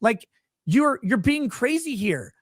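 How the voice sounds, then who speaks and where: A man's voice: extremely high pitch, sing-song, slow pace, breathy edge, no echo. A man ranting heatedly on a livestream, exasperated and swearing constantly as he defends himself. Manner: angry, exasperated, swearing heavily.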